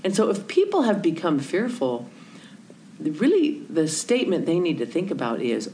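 A woman with a fairly low voice tells a story in casual conversation. She acts out the people in it and drops to near-whispers at times. A faint hiss sits behind her. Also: wildly swooping pitch, normal speed, dark tone, rough recording. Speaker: Christian speaker telling a story.

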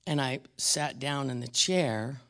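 A man preaching a blunt, emphatic teaching sermon, slowing down and dropping to a whisper on key words. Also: medium pitch, gravelly, fairly bright tone.

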